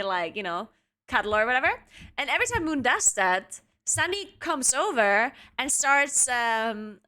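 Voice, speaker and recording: A young adult woman streaming casually, chatting with her viewers and cooing at her cats, laughing often. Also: high voice. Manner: talks to pets in a soft cooing voice, laughs often.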